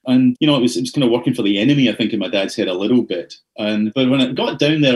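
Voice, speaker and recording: A man's voice: medium pitch, low-quality recording. A middle-aged Scottish man speaking as a podcast guest, his voice sitting in an ordinary mid range. He tells his anecdotes casually and with animation, slipping into the voices of the people he quotes. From Scotland. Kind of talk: casual storytelling interview.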